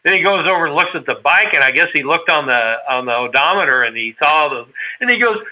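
A man spins a long, meandering anecdote in casual chat with a friend. His voice sits a little high, and the recording sounds dull and lo-fi. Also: fast talker. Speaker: storyteller reminiscing with a friend.

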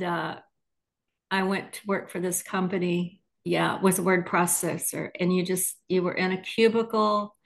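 A woman guest in a casual conversation talks at an easy, unhurried pace, often laughing gently. Her voice sits at a middle pitch. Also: low-quality recording. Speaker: podcast guest.

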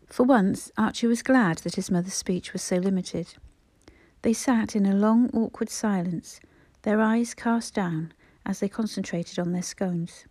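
Soft-spoken woman audiobook narrator. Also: medium pitch, measured pace, no room sound. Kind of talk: scripted narration.

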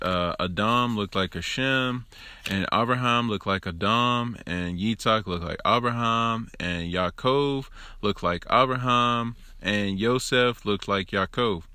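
A man's voice: medium pitch, pushed and bright, smooth, no echo, clean studio sound. A man giving an informal Torah teaching alone into his own recording device, conversational and emphatic, with joking asides. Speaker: religious teacher.

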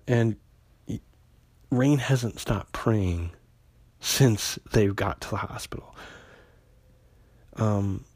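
This comic book podcast host draws out his words and pauses often, his low voice darkish with a breathy edge and no room sound. He recaps an old issue in a rambling, conversational way, full of fillers and restarts, paraphrasing characters loosely.

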